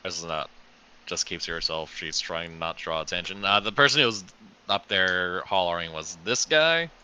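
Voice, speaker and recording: Man, tabletop player, low voice, bright and clear, casual. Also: normal speed. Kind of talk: tabletop role-play.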